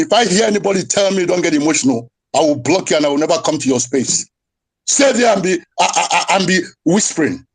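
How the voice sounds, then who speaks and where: A man giving an impassioned speech in an online audio room, fiery and rising to shouts, mocking his critics in put-on voices. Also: on the high side. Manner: mocks others in quoted voices.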